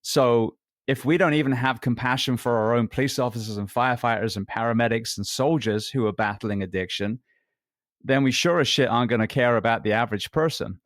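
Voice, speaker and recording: Dry close mic, middle-pitched guy, blunt and opinionated podcast host. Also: brisk, no room sound. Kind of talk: conversational interview talk.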